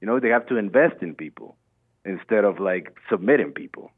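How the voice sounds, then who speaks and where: A man's voice: fairly low pitch, animated, brisk, slightly rough. A man calling in to a talk show, rambling earnestly about politics and repeating himself. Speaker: caller. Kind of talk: phone-in political rant. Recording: tinny phone line.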